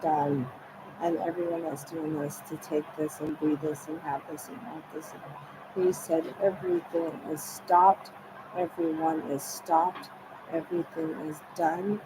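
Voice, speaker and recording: A woman's voice: sits low, flat delivery, a little slow. A woman talking in a rambling, repetitive way, often relaying what others said to her. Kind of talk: rambling personal monologue. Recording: noisy ambient recording.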